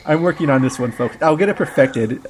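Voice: medium pitch, brisk, slight background noise. A podcast co-host in casual chat, playful and teasing, often laughing.

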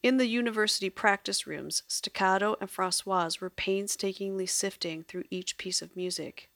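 A woman narrating an audio drama in a measured storytelling way. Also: medium pitch, vocal fry, fairly bright tone, no echo.

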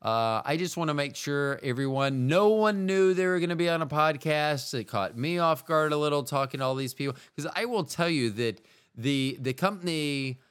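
A man's voice: fairly high pitch, animated, normal speed, fairly bright tone, clear, resonant tone. A man hosting a solo podcast, talking in a meandering, wry way that keeps interrupting itself. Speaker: podcast host. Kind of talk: rambling solo podcast monologue.

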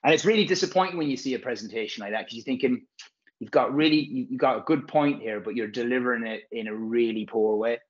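A man's voice: medium pitch, fast, muffled recording. A man, a physio course presenter, chatting casually and frankly, rambling and swearing freely. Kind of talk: casual podcast chat.

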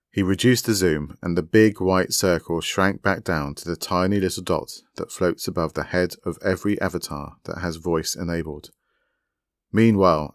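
A man calmly narrating his own short story as its author. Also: sits low, dry recording, clean studio sound.

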